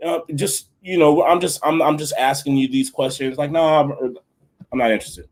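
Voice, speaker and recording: A man's voice: a little high, steady tone, normal speed, darkish tone. A young adult man co-hosting a casual podcast, talking in slangy, laughing banter. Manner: slangy, laughing, says bro a lot. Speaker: podcast co-host.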